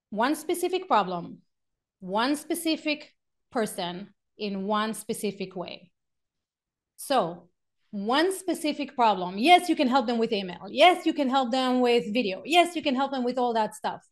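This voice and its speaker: A middle-aged woman teaching a live workshop, animated, acting out quotes and stories and laughing often. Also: sits high. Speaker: workshop speaker.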